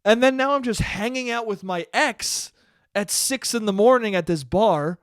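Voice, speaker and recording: A man's voice: high-pitched, moderate pace, smooth, dry recording, clean studio sound. A man hosting a podcast, telling a rambling, profane comedic story on his own. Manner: profane, rambling, acts out dialogue. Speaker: podcast host. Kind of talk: casual comedic storytelling monologue.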